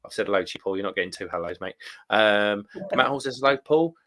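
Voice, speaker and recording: Brief: cheerful English man with a bright, forward voice, co-hosting a beer stream and chatting with the viewers. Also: on the low side, fast talker. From England. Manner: cheerful, laughs often, chatty about beer. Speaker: live stream co-host. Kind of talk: casual chat reading viewer comments.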